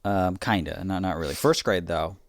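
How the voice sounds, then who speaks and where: A man's voice: low-pitched, normal speed, gravelly, no room sound, studio quality. A man co-hosting a comedy podcast, telling a rambling, profane story full of filler words. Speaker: podcast co-host.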